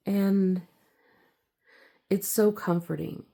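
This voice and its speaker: A young woman talking in a casual personal vlog, giggly and halting, full of fillers and restarts. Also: darkish tone. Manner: slips into a squealing high voice when acting out her younger self. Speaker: vlogger.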